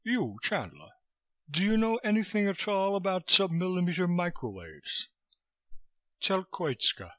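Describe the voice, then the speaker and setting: A man voicing a wheezing, languid fat man who speaks curt, broken English in a raised, lively voice. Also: high-pitched, measured pace, dry recording, pitched above the performer's own voice.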